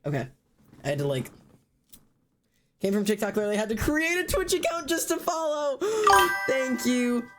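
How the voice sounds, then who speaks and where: A streamer chatting casually and loudly to live viewers, rambling and poking fun at themself. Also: mid-range voice, very animated, normal speed, long pauses, over music. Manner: loud, rambling and self-mocking. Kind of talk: casual livestream chat to viewers.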